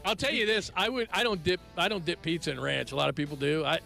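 A man hosts a sports talk show in a loose, joking way, quick with asides and laughter. His voice is bright and a little gravelly, pitched on the higher side. A faint music bed sits low behind him. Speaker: radio sports show host. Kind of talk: casual sports radio banter.

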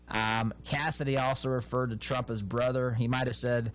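A man hosting a political commentary show, reading news reports aloud and adding his own opinionated, animated remarks, often restarting phrases. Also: mid-range voice, moderate pace, hardly any pauses.

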